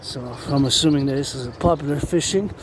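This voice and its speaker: A man's voice: on the high side, fast talker, slight background noise. Man chanting rhythmic marching cadences. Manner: rhythmic, sing-song chanting mixed with loose rambling. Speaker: vlogger. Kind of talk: chanted marching cadence and rambling walk-and-talk. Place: outdoors by a river.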